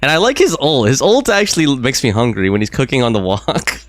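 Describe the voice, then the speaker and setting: A man's voice: mid-range voice, huge pitch swings, a little fast, no room sound, faint music behind. A man streaming a game live, chatting casually and rambling with lots of fillers and frequent laughs. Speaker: gaming streamer. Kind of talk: casual live gameplay commentary.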